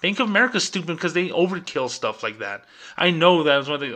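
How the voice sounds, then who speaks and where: A man's voice: fairly high pitch, animated, a little fast, pushed and bright. A man hosting a podcast, ranting in exasperated commentary and acting out bosses and customers as he goes. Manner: exasperated, acts out bosses and customers mid-rant. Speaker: podcast host.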